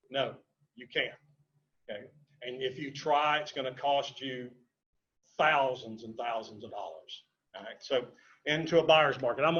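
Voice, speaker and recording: A man's voice: a little high, a bit bright, muffled recording. A man teaching real estate investing at a live seminar, telling stories and hammering home his points by repeating them. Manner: storytelling, emphatic, repeats key points. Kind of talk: live seminar talk to a room and online audience. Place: seminar room with live audience.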